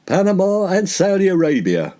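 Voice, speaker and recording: A man's voice: sits high, wildly swooping pitch, normal speed, mellow, pitched above the performer's own voice. A man voicing a pompous, grumbling, self-important middle-aged Englishman who blusters indignantly.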